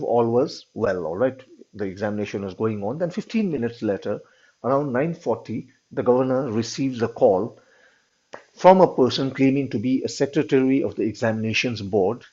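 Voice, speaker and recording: Man, teacher, husky voice, dull lo-fi recording, explaining a story, checks in with "all right?". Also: mid-range voice, mellow. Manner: retells the story in his own words with frequent "all right?" checks.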